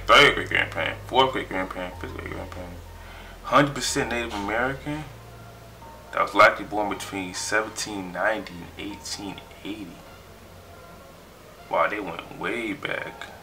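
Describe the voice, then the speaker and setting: A young man in his twenties, chatting excitedly in a casual vlog and trailing off as he reads his results aloud. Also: lowish voice. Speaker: vlogger.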